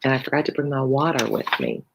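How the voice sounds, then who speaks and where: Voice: mid-range voice, very animated, fast, creaky, noisy background. A teacher reading a novel aloud on a live stream, breaking off for chatty asides to viewers. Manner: chatty asides between passages.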